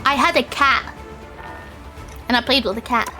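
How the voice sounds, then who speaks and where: A woman streamer hosting a casual call with friends, teasing and excitable. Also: on the high side, soft background music. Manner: teasing, excitable, slow-spoken. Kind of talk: casual chat between gamer friends.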